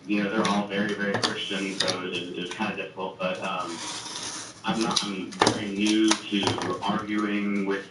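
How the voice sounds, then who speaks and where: Caller dude, low voice, lots of ums, noisy echoey sound. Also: male voice, level tone, unhurried. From Southern United States. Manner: hesitant, lots of ums and restarts. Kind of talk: call-in conversation. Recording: distant echoey line with clear noise.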